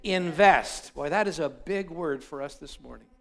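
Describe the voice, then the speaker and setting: A male pastor giving a sermon, telling a parable with lively emphasis and repeated phrases. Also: a little high, fairly quick, vocal fry. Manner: animated storytelling, repeats himself for emphasis.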